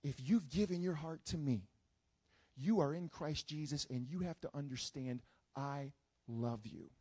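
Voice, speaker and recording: A preacher doing God, low and hushed. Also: male voice, a little slow, breathy edge. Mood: reassuring. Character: calm gentle God speaking to a believer. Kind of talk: sermon.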